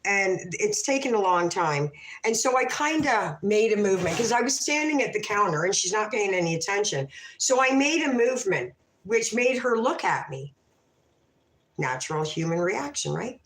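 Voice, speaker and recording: A Canadian woman hosting a casual livestream, telling a story in a brash, profane, animated way. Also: mid-range voice, normal speed, a little hiss or hum. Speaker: livestream host. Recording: echoey room.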